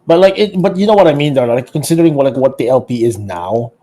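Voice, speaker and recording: A man with a dark, mellow voice co-hosts a casual political podcast. He rambles in long, halting runs, piling on fillers as he reaches for his point. His tone stays frustrated and exasperated. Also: mid-range voice, lively intonation. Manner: rambling, heavy with fillers like "like" and "you know", frustrated. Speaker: podcast co-host.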